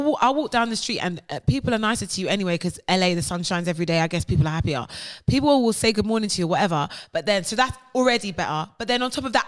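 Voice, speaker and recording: A woman from England, a guest comedian in a casual chat, acting out the voices in her stories. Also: medium pitch. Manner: animated storyteller who acts out voices.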